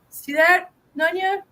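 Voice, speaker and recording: A woman's voice: extremely high pitch, sharp tone. A woman hosting a casual live-stream chat from home, laughing often and cooing at her cats. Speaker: host.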